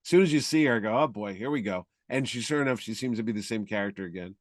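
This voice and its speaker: A male podcast co-host chatting casually, rambling through animated stories at a middling pitch. His voice is recorded close in a dry room. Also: racing, dry recording. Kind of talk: casual chat.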